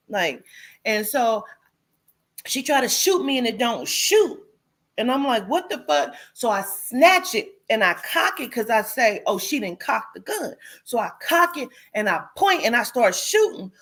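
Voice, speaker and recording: A woman casually recounting a vivid dream, animated and profane, acting out what people said. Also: fairly high pitch. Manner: animated, profane, acts out quotes. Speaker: host. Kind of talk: casual storytelling.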